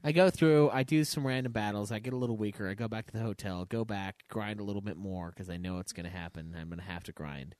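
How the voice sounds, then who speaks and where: A man's voice: fairly low pitch, fairly even intonation, quick pace, hardly any pauses, darkish tone, no echo, clean studio sound. A man co-hosting a casual gaming podcast, rambling through a profane story and laughing often. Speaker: podcast co-host.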